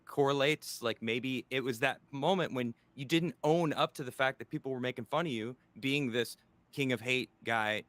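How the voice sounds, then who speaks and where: A male interviewer with a bright, tense voice recorded dry and close. He presses his guest with casual, conversational questions and swears freely. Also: medium pitch, no room sound.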